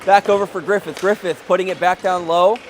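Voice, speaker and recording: A man doing live play-by-play of a youth hockey game, with quick calls that jump up at big plays and joking asides. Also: sits high, fairly even intonation, noisy background. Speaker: play-by-play commentator.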